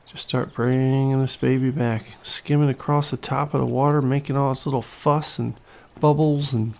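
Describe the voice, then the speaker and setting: A man giving casual, excitable commentary over a fishing video game, joking around and swearing when a fish gets away. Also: medium pitch, moderate pace, gravelly, soft background music. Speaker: gaming channel host.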